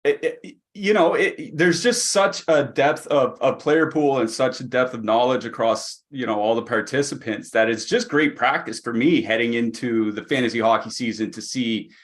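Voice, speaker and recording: A man appearing as a guest commentator, easygoing and halting, with many fillers. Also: mid-range voice. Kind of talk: casual podcast chat.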